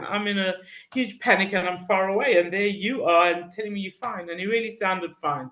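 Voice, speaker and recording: A woman gives a verse-by-verse Psalm class at a middle pitch. She reads Hebrew phrases and translates them, pausing often as she searches for words. The sound has a roomy echo. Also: fairly bright tone. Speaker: Torah teacher.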